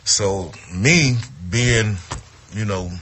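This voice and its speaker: Profane, lively male storyteller, low voice. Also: drawn-out words. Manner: profane, animated, acts out quotes. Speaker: retired wrestler telling a story. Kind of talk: casual storytelling.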